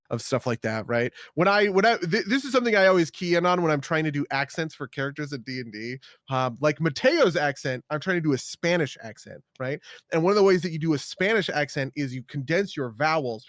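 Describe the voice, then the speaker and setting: An American man co-hosts a casual chat podcast, rambling with lots of fillers and tagging his points with "right?". His fairly high voice is a bit bright, recorded with clean studio sound and no room sound.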